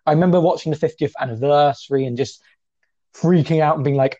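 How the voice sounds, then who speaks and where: A man's voice: a little high, fast, mellow. A young man co-hosting a podcast, chatting in a rambling way and often pulling the talk back on track. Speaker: podcast co-host. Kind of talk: casual chat. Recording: dull lo-fi sound.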